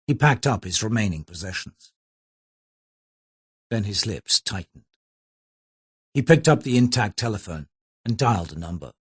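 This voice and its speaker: A man narrating a thriller audiobook in a steady, low-key way. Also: breathy edge. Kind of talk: scripted narration.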